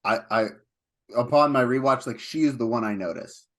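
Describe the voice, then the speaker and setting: A man co-hosting a film podcast, talking casually and at length, getting animated when he retells scenes. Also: mid-range voice, normal speed. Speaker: podcast co-host.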